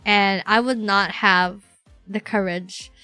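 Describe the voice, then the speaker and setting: A woman's voice: medium pitch, takes it slowly, clear, resonant tone, no echo, soft background music. A young woman streamer in casual chat, telling rambling stories with lots of fillers. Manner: chatty, rambling, animated storytelling with many fillers.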